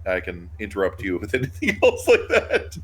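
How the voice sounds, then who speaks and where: Deep-voiced man rambling on a podcast. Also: wildly swooping pitch, normal speed, slightly rough. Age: 30s. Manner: rambling, restarts, laughs often. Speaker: podcast co-host. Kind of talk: casual chat.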